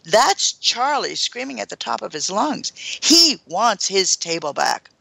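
A woman host tells a first-hand story with drama and gasps, her pitch swinging widely. Her voice is bright with a gravelly edge. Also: very animated, a little slow, dry recording.

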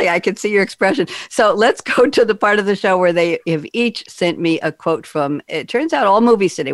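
A woman's voice: lowish voice, no echo, studio quality. An older woman hosting a panel show as a broadcaster, chatty with self-deprecating humor.

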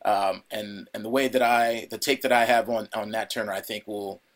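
A middle-aged man talks loosely in an interview, circling back with fillers and restarts. He tells stories from his acting work and sometimes breaks into a loud impression of a director. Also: on the low side, fairly even intonation, normal speed. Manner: rambling, many restarts, acts out a shouting director. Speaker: actor guest. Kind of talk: casual interview anecdote.

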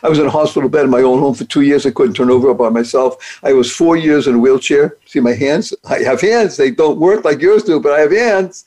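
In a warm, medium-pitched voice, a podcast host talks fairly quickly and with few pauses through a bright, playful motivational monologue full of acronyms and wordplay. He speaks despite paralysis from a rare disease.

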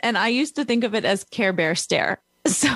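A woman's voice: medium pitch, animated, normal speed, no room sound. Laughing New York woman hosting. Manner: warm, affirming, laughs often. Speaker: podcast host. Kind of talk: casual interview.

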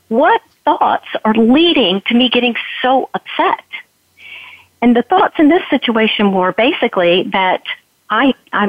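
An earnest woman with a fairly high voice explains ideas patiently, like a teacher. She is heard over a narrow, tinny phone line. The sound is dry and close, with no room around it. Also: no echo. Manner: earnest, teaching, acts out her own inner thoughts. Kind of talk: podcast conversation, explaining with examples.

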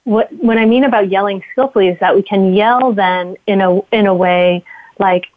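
A woman's voice: mid-range voice, normal speed, no room sound. Laughing woman on a tinny call line. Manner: lively, laughs often, acts out quoted feelings. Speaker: guest, mindful parenting author. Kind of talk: casual interview talk. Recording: dry, tinny phone-like line.

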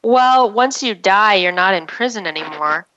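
A woman's voice: mid-range voice, animated, moderate pace, bright, forceful tone, no echo. A woman co-hosting a radio show, easygoing and prompting the guest with questions. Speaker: radio co-host. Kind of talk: casual radio chat. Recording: dull lo-fi radio sound.

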